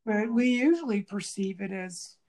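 Woman, conversational interview, mid-range pitch, acts out quotes, thinks aloud with restarts. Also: normal speed. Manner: animated storyteller who acts out quoted speech.

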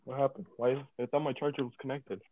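A man's voice: medium pitch, flat delivery, quick pace, background noise. Guy swearing a lot, ranty podcast call, sounds like a phone line. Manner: cursing, easily frustrated, ranting. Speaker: podcast co-host. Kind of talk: casual chat on a call.

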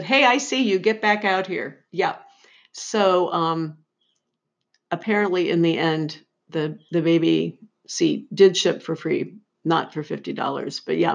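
A middle-aged woman co-hosting a podcast, telling family stories in a casual chat with dry, wry humor. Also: fairly low pitch. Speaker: podcast co-host. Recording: slightly dull, lo-fi recording.

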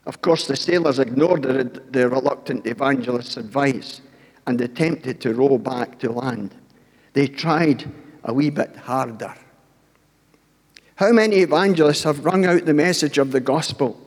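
Older man, preacher, storytelling sermon, breathy voice, long reverb. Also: on the high side, animated, a little slow. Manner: storytelling, acts out voices, asks the congregation questions.

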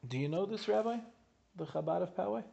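A man speaking earnestly and reading a long article aloud in a steady, emphatic way. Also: sits high, a little fast, vocal fry, lo-fi sound. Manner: soft, hushed at first, then a steady, emphatic reading.

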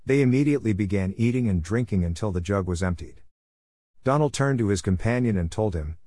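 Low-voiced man telling a folk tale. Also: expressive, fairly quick, dark tone, dry recording. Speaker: storyteller.

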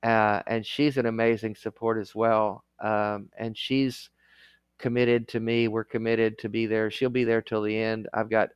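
Candid man with a smooth, dry voice. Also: on the low side, flat delivery, unhurried, dry recording. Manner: earnest and emotional, often laughing through his words. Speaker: interview guest, former clergyman. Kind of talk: candid conversational interview.

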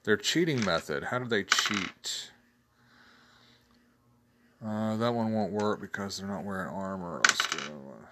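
Man, lowish voice, casual solo commentary, chatty host, laughs at his own jokes. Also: measured pace, long pauses, very noisy. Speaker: host reviewing tabletop game blogs.

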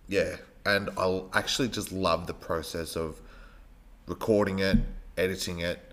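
A man's voice: low-pitched, a little slow. A man hosting a podcast, talking casually and loosely, often searching for words as he goes. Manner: relaxed, rambling, searches for words. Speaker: podcast host, teacher.

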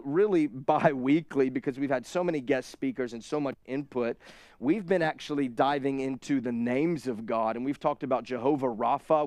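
A man in his thirties preaching a sermon, telling a family story with lively acted-out shrieks. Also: medium pitch, clear, resonant tone, no echo. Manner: animated storyteller, acts out his kids' shrieks. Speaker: pastor.

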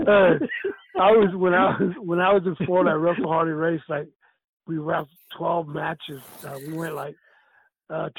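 High-voiced older man telling wrestling stories. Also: vocal fry, low-quality recording. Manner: animated, laughing often, acts out quoted lines. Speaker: retired pro wrestler, guest. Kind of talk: casual storytelling.

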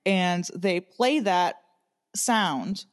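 A woman's voice: on the low side, lively intonation, drawn-out words. A woman co-hosting a podcast, telling a story in a chatty, sarcastic way and swearing freely. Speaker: podcast co-host.

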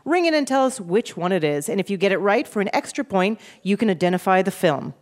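A woman's voice: mid-range voice, lively intonation, quick pace. Playful woman quiz host. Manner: playful, joking. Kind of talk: hosting a quiz game.

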